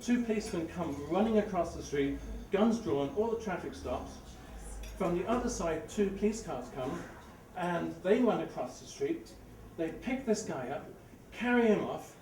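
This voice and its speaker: A middle-aged man with an English accent tells an animated story at a live story slam, growing louder as it builds. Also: high-pitched, normal speed. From England. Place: live event venue before an audience. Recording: roomy, distant, noisy live room.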